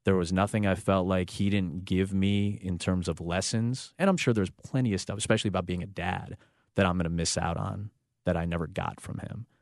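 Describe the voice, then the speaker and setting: A man speaking earnestly as an interview guest, halting and restarting as he reflects. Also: low-pitched, fairly even intonation, no echo, clean studio sound.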